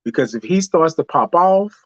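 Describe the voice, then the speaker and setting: A man with a Houston accent who hosts a show, giving a preachy, animated monologue and playing out both sides of a dialogue himself. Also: a little high, moderate pace, no echo, lo-fi sound. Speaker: host. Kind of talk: motivational monologue.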